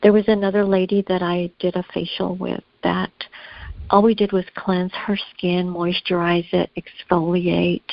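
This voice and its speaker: A woman guest telling lively stories about her skincare work in a casual interview, acting out what people said. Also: on the low side, normal speed, creaky, no room sound, lo-fi sound. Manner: animated, acts out quoted voices.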